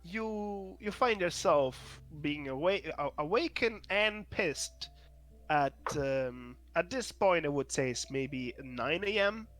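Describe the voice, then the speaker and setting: A male game master narrates a tabletop role-playing session, his voice sitting a little high and his delivery unhurried. He pauses often, restarting phrases as he feels his way through the scene. Soft music plays faintly underneath. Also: expressive. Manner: hesitant, many fillers and restarts.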